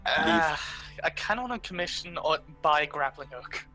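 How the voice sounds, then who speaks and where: A man's voice: fairly high pitch, lively intonation, normal speed, pushed and bright, soft background music, low-quality recording. A man playing a tabletop game over voice chat, polite and a little formal in character. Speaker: player.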